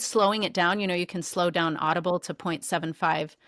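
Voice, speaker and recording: A woman co-hosting a podcast, telling a personal story in a lively, expressive conversational way. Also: fairly low pitch, brisk, no room sound, studio quality. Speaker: podcast co-host.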